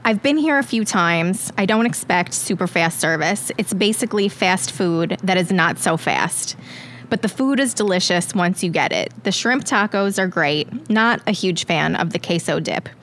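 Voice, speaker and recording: A woman's voice: lowish voice, animated, moderate pace, a bit bright, a little hiss or hum. A woman putting on a blunt, exaggerated Long Island accent to read restaurant reviews aloud. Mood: deadpan.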